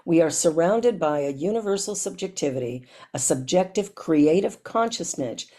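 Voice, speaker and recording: A woman's voice: fairly low pitch, expressive, moderate pace, dark tone. A woman minister giving a reflective sermon that asks the listener many questions.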